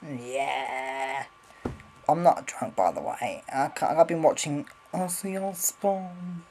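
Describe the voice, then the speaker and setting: A man's voice: a little high, slow, a little mellow, slight background noise, poor audio. A man rambling casually in a vlog, swearing freely, filming on a handheld camera. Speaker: vlogger.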